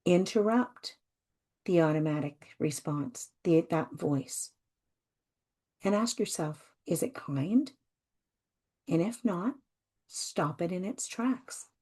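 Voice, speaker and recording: Soft mellow woman, podcast host, gentle reassuring self-help talk, lowish voice. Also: husky. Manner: soft, slow, reassuring, repeats phrases.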